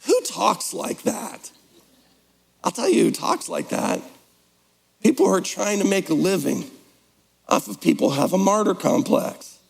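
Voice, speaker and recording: A man's voice: high-pitched, lively intonation, measured pace, vocal fry, long pauses, slightly rough, big-room sound, poor audio. A man preaching a sermon as pastor, in a conversational, playful way, slipping into mock voices. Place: church sanctuary.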